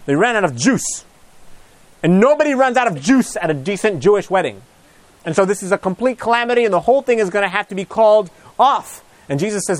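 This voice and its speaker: Male preacher, high bright pitch, dry close sound, animated storyteller who drops to near whispers. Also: brisk, no echo. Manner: animated, acts out gospel scenes with shifting pitch and hushed lines. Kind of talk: storytelling sermon.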